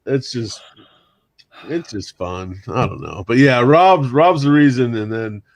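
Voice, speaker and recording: A man in his forties telling animated stories in casual chat, often mimicking others and laughing. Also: mid-range voice, a little slow, creaky, dry recording.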